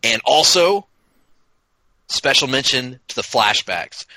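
A man co-hosting a casual TV recap chat, talking enthusiastically in quick bursts with frequent restarts. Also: medium pitch, lively intonation, sharp tone, dry recording, rough recording. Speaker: podcast co-host.

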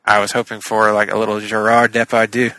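A man co-hosts a casual podcast about comics, talking in long, animated, rambling runs with plenty of fillers. His voice is bright and forward, and the sound is close and dry, with no room around it. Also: on the low side, a little fast, dry recording, poor audio. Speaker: podcast co-host.

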